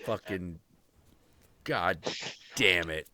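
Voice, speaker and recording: A man hosting a live stream, telling a story in a profane, jokey, animated way over a video call microphone. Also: low voice, very slow, dry recording. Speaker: host.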